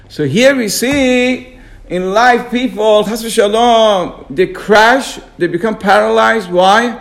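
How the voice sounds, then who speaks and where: Guy with a high voice teaching torah on the radio, acts out people whining why me. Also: moderate pace, vocal fry. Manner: emphatic, acts out complaining questions.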